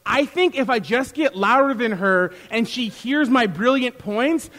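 Man, high-pitched voice, sermon in church, animated delivery, acts out quoted exchanges. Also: normal speed, few pauses. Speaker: pastor; youth worker.

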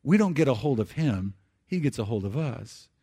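A man giving a conversational sermon in church, slowing for scripture and dropping soft for emphasis, with frequent restarts. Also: mid-range voice, sing-song, slightly rough. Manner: repeats words and restarts phrases. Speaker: pastor.

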